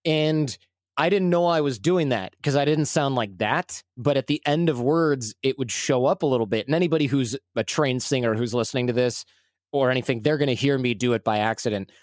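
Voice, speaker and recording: A man's voice: mid-range voice, brisk, dry recording, clean studio sound. A man from Michigan in his forties, talking as a guest in a casual, rambling and self-deprecating way. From Michigan, USA. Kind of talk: casual conversational storytelling.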